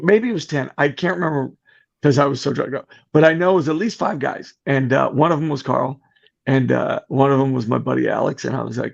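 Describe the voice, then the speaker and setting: Gravelly middle-aged man telling a story. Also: medium pitch, fairly quick. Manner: animated, acts out quoted voices. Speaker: podcast guest. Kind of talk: casual storytelling. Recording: muffled lo-fi podcast audio.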